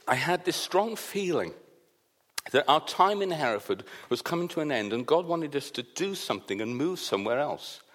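A man from Wales, a pastor preaching a sermon and telling a personal story while acting out what others said. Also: a little high. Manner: animated storyteller, acts out the quoted voices.

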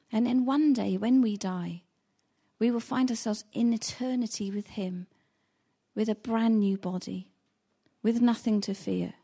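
A woman preaching, her voice husky and mellow with a somewhat high pitch. She tells the story as she preaches and gives the quoted lines growing intensity. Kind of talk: sermon retelling a Bible story.

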